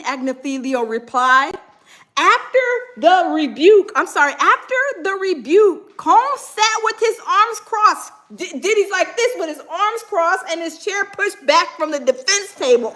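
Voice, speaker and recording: A woman hosting a live stream who comments excitedly on breaking news in a chatty way and reads headlines aloud slowly. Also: high voice. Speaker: livestream host.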